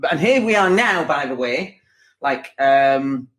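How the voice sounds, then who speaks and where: A man's voice: mid-range voice, animated, takes it slowly, fairly bright tone. Rambling, chatty man in his forties. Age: 40s. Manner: rambling, conversational, with frequent asides and filler words. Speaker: podcast host. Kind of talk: motivational monologue.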